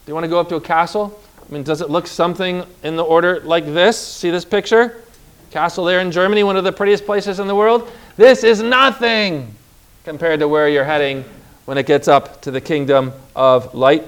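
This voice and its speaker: A man's voice: a little high, normal speed, clear, resonant tone. A man preaching a sermon with emphatic delivery, stretching out key words and calling on the congregation to repeat phrases.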